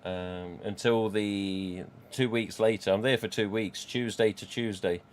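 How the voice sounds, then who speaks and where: An Englishman rambles casually on a live stream from home, chatting and reading out the chat. His voice is fairly low with fairly even intonation, a little slow, with slight background noise.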